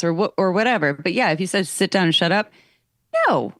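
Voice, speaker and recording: A woman guest, a sex educator, calmly explaining her view in a casual chat. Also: lowish voice, a little fast, no room sound, studio quality.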